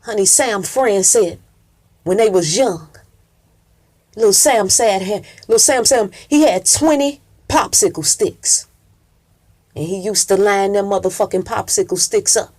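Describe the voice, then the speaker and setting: A woman with an expressive, medium-pitched, darkish voice tells a story at a measured pace. She uses an emphatic, preacher-like cadence full of cursing and call-and-response.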